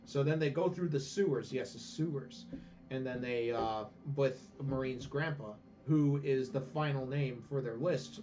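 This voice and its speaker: A man's voice: medium pitch, measured pace. A man rambling through an irreverent recap of a game's story, full of "uh"s and "and then"s. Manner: rambling, irreverent, filler-heavy. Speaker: let's player. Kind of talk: casual game story recap. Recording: distant dull lo-fi recording with faint music.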